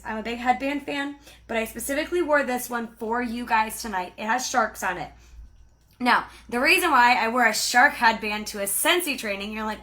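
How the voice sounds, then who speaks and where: A woman leading a live-streamed team training, bubbly and chatty, talking fast and greeting viewers by name. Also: fairly high pitch, a bit bright. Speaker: sales team director and trainer.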